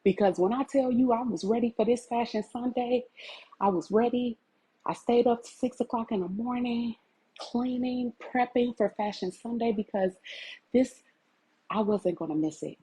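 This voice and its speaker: A woman's voice: a little high, normal speed, warm tone, slightly rough, rough recording. A woman, giving an impassioned, tearful talk to her livestream viewers. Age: 40s. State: crying. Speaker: vlogger.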